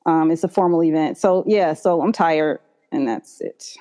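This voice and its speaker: A woman co-hosting a casual chat over a call, hesitant, with many pauses while she searches for words. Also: mellow. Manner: hesitant, many ums, drops low when searching for words. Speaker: podcast co-host.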